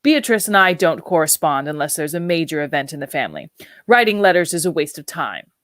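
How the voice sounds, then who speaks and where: A brusque, impatient gentleman snaps out his lines in a clipped, exasperated way, read by a woman. The voice sits on the low side and is recorded close and dry. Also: very animated, a little fast, no room sound. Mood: offhand. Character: brusque upper-class English husband, impatient.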